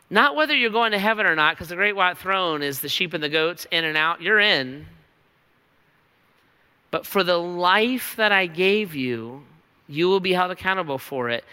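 A man's voice: sits high, expressive, moderate pace, sharp tone, clean tone. A man preaching a sermon as pastor, earnest and emphatic, teaching from scripture. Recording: reverberant hall.

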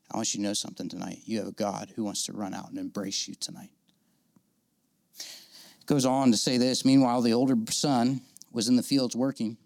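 A man preaching a sermon to a live audience. He talks in a casual, animated way and acts out the people in the story he is telling. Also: mid-range voice, no room sound. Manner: conversational, animated, acts out quoted characters. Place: church auditorium with audience.

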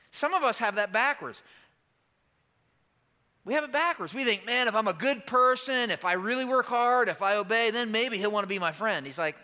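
A man delivers an animated sermon in a high, bright voice. He stresses his points hard and breaks into quick asides. A long hall reverb trails each phrase. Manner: emphatic, animated preaching with quoted lines and asides. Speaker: pastor.

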